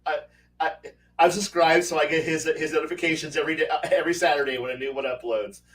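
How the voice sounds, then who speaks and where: A man hosting a casual chat about tabletop game design, animated and laughing, acting out quoted voices and swearing now and then. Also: on the high side, fast talker, recorded from a distance, a little hiss or hum, poor audio. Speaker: host. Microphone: video call.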